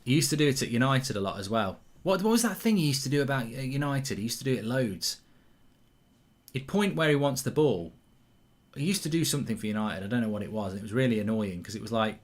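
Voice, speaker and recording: Casting note: man hosting a football stream, mid-pitched, chatty and rambling. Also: lively intonation, fairly quick, fairly bright tone. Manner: chatty, reads viewer comments aloud, many ums and restarts. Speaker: host of a football watchalong. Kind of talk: casual live-stream chat and commentary.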